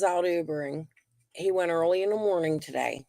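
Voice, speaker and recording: A middle-aged woman and grandmother hosting a casual livestream, venting and telling stories in an animated way while getting over a lung infection. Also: fairly low pitch, normal speed, no echo, clean studio sound. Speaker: livestream host.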